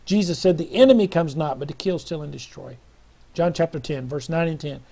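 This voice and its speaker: A man's voice: on the high side, a little fast, creaky, mellow, breathy edge. A middle-aged man preaching a sermon with fervent hallelujahs and praise, sometimes breaking into song.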